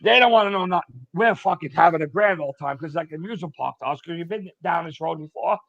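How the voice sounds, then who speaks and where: A retired firefighter in middle age guests on a podcast, recounting casual stories with blunt profanity and lots of animation. His voice runs a little high and quick, with vocal fry. The dull, dry lo-fi recording has no room sound.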